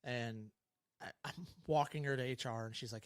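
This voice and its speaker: A man's voice: medium pitch, moderate pace, clean tone, no room sound, studio quality. A middle-aged man co-hosting a casual podcast over beers, rambling through stories, acting out quotes and laughing often. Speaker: podcast co-host.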